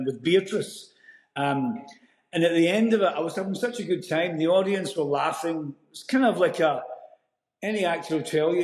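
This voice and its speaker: A Scottish man, an actor, telling a story in a casual interview, lively and full of restarts. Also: a little high. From Scotland. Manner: animated storyteller, many restarts. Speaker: actor guest. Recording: roomy echo.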